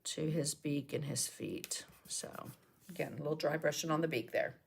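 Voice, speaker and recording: A woman's voice: low-pitched, normal speed, gravelly, background noise. A chatty middle-aged woman teaching a live painting lesson, talking viewers through each brush step. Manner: chatty, greets viewers and coughs and laughs between steps.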